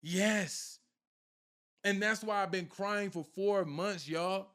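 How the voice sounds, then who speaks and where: Speaking unhurriedly in a high, pushed, bright voice, a male spiritual content creator delivers a casual sermon-like talk. He speaks right to his audience and repeats himself often to hammer his message home.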